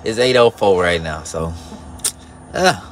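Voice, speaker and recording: A man, a flatbed truck driver talking casually to viewers from his truck, slow and drawling, venting and cussing. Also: sits low, a little hiss or hum. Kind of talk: casual vlog talk to viewers.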